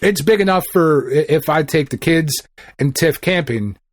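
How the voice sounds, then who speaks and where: A middle-aged man co-hosting a podcast, chatting casually in an excitable, rambling, profane way. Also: a little high, normal speed, dry recording, studio quality. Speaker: podcast co-host. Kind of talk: casual chat.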